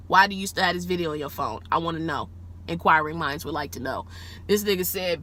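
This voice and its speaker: A woman rideshare driver telling a story to the camera from her car, casual and animated, swearing freely and jumping high in pitch when she gets excited. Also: fast talker.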